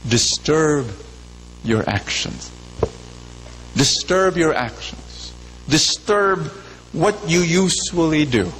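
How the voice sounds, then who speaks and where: A medium-pitched, somewhat bright male voice delivers a sermon in a large church. He tells a fable, questions those listening, and leans on repetition, with lengthy reverb and faint hum around him.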